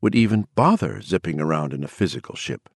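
A man's voice: deep voice, lively intonation, a little fast, slightly rough, dry recording, studio quality, heavily acted. A man voicing a cold woman taken over by an alien presence, speaking in a cool, condescending way in an audiobook. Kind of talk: audiobook character voice.

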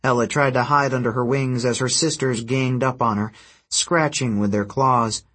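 A man narrating a fantasy adventure story in a steady, even storytelling manner. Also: medium pitch, normal speed, slightly rough. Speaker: audiobook narrator. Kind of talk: scripted narration.

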